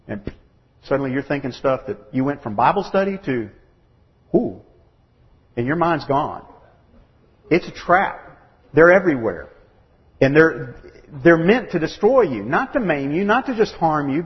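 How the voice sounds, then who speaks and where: A man's voice: medium pitch, long reverb tail, dull audio. A man preaching a sermon to a gathering of men, emphatic and acting out quoted voices. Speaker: pastor. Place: church or meeting room.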